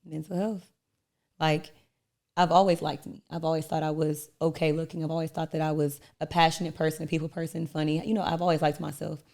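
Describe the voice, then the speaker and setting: A woman sits in as a podcast guest and speaks with a somewhat low voice. She tells her stories with animation, acting out other people's lines and laughing easily. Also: brisk, vocal fry. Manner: animated storyteller, acts out voices in anecdotes; laughs easily, playful self-praise. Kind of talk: candid conversation.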